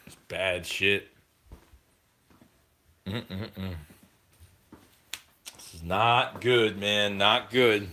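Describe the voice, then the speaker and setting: A man's voice: fairly low pitch, steady tone, very slow, pauses often, sharp tone. A man streaming live, talking with chat in a heated, profane rant about football.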